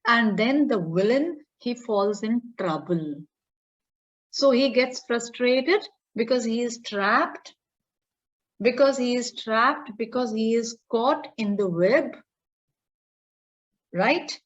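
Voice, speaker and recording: A woman's voice: a little high, takes it slowly, pauses often. A woman, teaching a class online, repeating her points and checking in with students. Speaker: English teacher. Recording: dull lo-fi audio.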